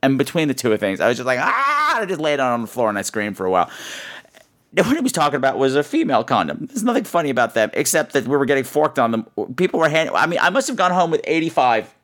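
A man hosting a podcast, telling a funny story with animated, exaggerated delivery and quick asides. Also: mid-range voice. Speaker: podcast host. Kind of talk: comic storytelling.

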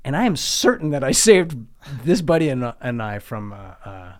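A man's voice: mid-range voice, very animated, normal speed. A middle-aged man on a podcast, rambling through a profane personal anecdote in casual chat. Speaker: podcast guest or co-host. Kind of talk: casual storytelling.

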